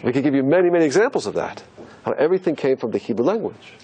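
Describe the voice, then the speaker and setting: A man's voice: medium pitch, very animated, racing, a crowd in the background. A man teaching as a rabbi, asking rhetorical questions and musing aloud as he explains letters on a board. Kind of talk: teaching lecture.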